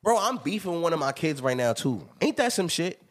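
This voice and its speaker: Animated man telling stories on a podcast. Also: on the high side, fairly quick. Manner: animated, emphatic storytelling with frequent laughs. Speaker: podcast host. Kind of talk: casual chat.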